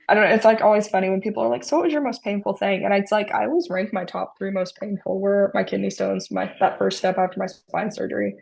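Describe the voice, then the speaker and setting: Podcast guest, woman in her thirties, gravelly voice, deadpan humor in casual anecdotes. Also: mid-range voice, quick pace. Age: 30s. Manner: dry humor, animated retelling. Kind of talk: casual storytelling.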